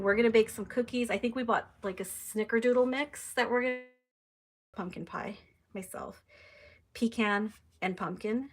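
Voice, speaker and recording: A woman's voice: on the high side, normal speed, husky. A young adult woman casually chatting on a live stream, reading out viewer comments with plenty of "you know" and "um".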